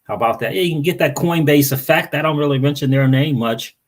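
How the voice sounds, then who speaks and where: A man with a husky, slightly grainy voice hosts a casual livestream, chatting straight to his viewers. He greets people by name as they arrive and repeats his own phrases in an easygoing, conversational flow. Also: a little high, fast. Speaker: crypto channel host.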